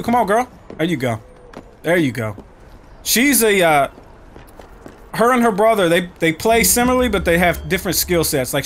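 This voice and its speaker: The recording carries a slight hiss or hum along with background music. A gaming YouTuber with a fairly high voice jokes brashly and swears through his gameplay, taunting enemies and chatting to his viewers.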